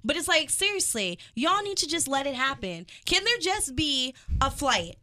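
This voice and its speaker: A woman's voice: sits high, sing-song, moderate pace, sharp tone. A woman hosting a radio chat show, brash and profane. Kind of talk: casual chat.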